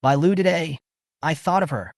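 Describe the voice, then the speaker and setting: A man voicing an arrogant, hot-tempered young nobleman in a recap story, boastful and quick to anger. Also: on the high side, creaky, no room sound, studio quality, voice pushed up. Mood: musing. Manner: boastful, angry.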